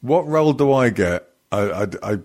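A man's voice: mid-range voice, expressive, moderate pace, darkish tone. A man co-hosting a crude comedy podcast, joking and rambling with plenty of fillers and restarts. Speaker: podcast co-host.

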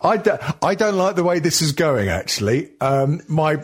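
A man born in Wales hosting a podcast, chatting casually with sweary jokes and quick restarts. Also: a little high, very animated, husky. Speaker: podcast host. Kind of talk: casual banter.

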